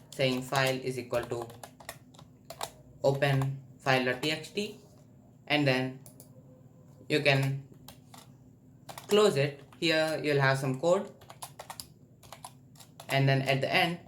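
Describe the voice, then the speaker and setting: A man walks through a coding tutorial at an unhurried, deliberate pace, explaining each step as he goes. His voice sits at an ordinary pitch, with faint noise and keyboard typing behind it. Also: fairly bright tone. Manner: patient step-by-step explaining, thinking aloud. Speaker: programming tutor. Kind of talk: screen-recorded coding tutorial.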